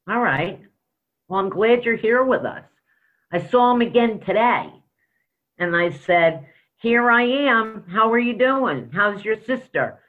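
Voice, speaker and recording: A man serving as interim school superintendent, giving an emphatic report with stories at a school board meeting. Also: on the high side. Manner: emphatic, storytelling with quoted dialogue. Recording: tinny phone-like sound.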